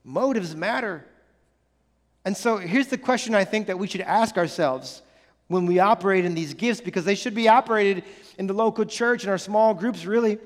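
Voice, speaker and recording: A man's voice: sits high, moderate pace, big-room sound. A man preaching a sermon as pastor, earnest and emphatic, repeating key phrases and restarting sentences often.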